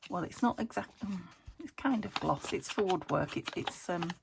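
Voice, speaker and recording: A woman's voice: lowish voice, expressive, moderate pace, vocal fry. A middle-aged woman chatting casually to herself while she works on a craft, often dropping into a whisper. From United Kingdom. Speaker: craft vlogger. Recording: noisy home recording.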